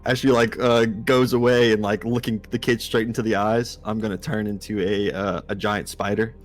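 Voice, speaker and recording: Low-voiced player, breathing hard. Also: male voice, little pitch movement, soft background music. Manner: describes actions slowly with many fillers. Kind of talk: casual tabletop play.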